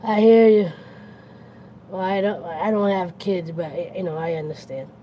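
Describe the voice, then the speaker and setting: A woman's voice: lowish voice, a little slow, mellow, slight background noise, rough recording. Rambling chatty Boston woman. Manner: rambling, self-correcting, chatty. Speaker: host. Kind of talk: casual late-night chat.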